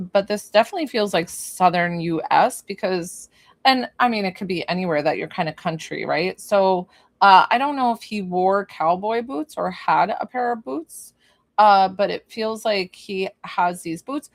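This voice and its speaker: A woman gives a one-on-one spirit reading as a psychic medium. She talks in a loose, chatty way and thinks aloud, filling her pauses with lots of ums and likes. Her voice sits at a middle pitch and is recorded dry, with no room sound. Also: expressive, dry recording. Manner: chatty and informal, thinking aloud with many fillers; bursts into laughter.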